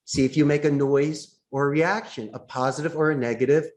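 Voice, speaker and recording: A man, a call center boss, explaining sales phone tactics with enthusiasm and acting out calls in bright voices. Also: a little high, fairly even intonation, a little fast. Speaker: call center CEO, interview guest. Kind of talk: animated sales coaching talk. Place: in Costa Rica.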